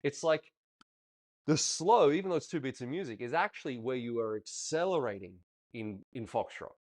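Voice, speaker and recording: A man coaching a ballroom student over video, chatty and encouraging, counting steps out loud. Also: mid-range voice, lively intonation, moderate pace.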